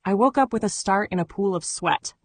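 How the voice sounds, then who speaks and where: A woman reading memoir narration in an even, measured way. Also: medium pitch, no room sound. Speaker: audiobook narrator.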